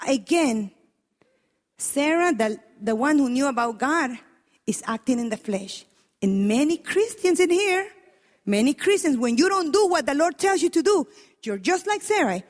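A woman preacher with a high voice, delivering an emphatic, animated sermon. She questions her listeners directly and exclaims often. Her words ring through a large church hall with a long reverb. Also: normal speed.

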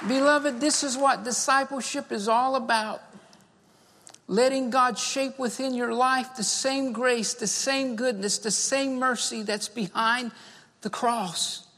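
A pastor with a mid-range, fairly bright voice preaches a sermon and leads an altar call. He's fervent, repeating key phrases and punctuating them with "amen" and "beloved." The recording carries the long reverb of a large hall.

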